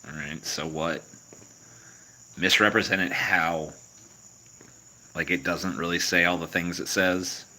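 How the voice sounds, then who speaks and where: A man hosting a livestream and answering chat, with profane, mocking, deadpan replies. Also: sits low, slow, long pauses, low-quality recording. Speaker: livestream host reading chat. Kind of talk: crude, sarcastic livestream chat.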